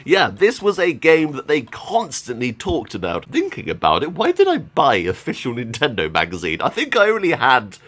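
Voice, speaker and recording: Chatty man with a lively voice. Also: medium pitch, moderate pace, hardly any pauses. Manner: chatty, enthusiastic, laughs often. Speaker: gaming YouTuber. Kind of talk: casual vlog, showing off a game haul.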